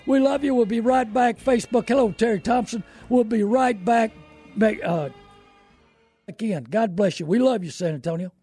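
A man's voice: high voice, normal speed, dark tone, breathy edge, soft background music. A man hosting a call-in radio show, talking in a folksy, preachy, down-to-earth way.

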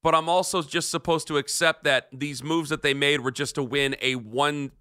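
A man's voice: on the high side, steady tone, moderate pace, sharp tone, clear, resonant tone, no echo, studio quality. A man co-hosting a sports radio show who pushes back defensively and with sarcasm in a heated debate.

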